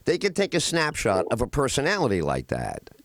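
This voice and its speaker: A man hosting a radio talk show, telling film scenes with animated delivery. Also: medium pitch, a little fast, no room sound, clean studio sound. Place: radio studio.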